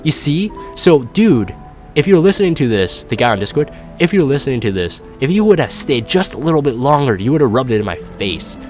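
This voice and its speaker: A man's voice: mid-range voice, big pitch swings, fairly quick, a little mellow, soft background music. A young man chatting casually as a gaming YouTuber, rambling and self-deprecating while reading live comments.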